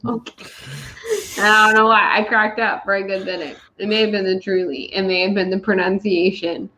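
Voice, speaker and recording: A woman's voice: medium pitch, level tone, normal speed, sharp tone, highs cut off, slight background noise. A woman hosting a tipsy movie review, rambling and giggling and swearing as she talks. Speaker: show host.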